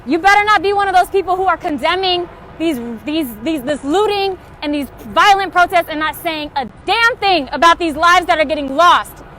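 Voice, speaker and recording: Young woman with a very high voice, making frustrated, urgent appeals on a phone stream outdoors by a street. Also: moderate pace, hardly any pauses, pushed and bright. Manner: impassioned, urgent, repetitive calls to action. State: frustrated and tired. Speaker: livestreamer. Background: faint passing traffic and honking.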